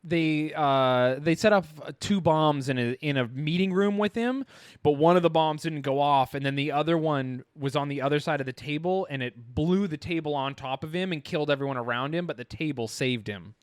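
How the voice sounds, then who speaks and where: A man with a fairly high voice spins an animated story on a casual podcast, jumping into the voices of the people in it. The sound is close and dry, with no room at all. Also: moderate pace, smooth, dry recording. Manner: animated storyteller, acting out quotes with profanity. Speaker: podcast co-host. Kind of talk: casual chat.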